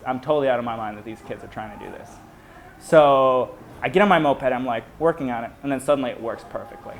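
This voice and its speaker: Casting: man in a casual interview, animated storyteller who acts out others' lines, faint background noise. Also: medium pitch. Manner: animated, acts out quoted voices. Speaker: moped club member.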